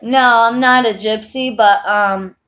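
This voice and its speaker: A woman's voice: a little high, fairly even intonation, takes it slowly, fairly bright tone. A woman who practises witchcraft, talking casually and heatedly to her viewers on a livestream, full of swearing and blunt talk. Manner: chats with viewers. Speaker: online witch and spell practitioner.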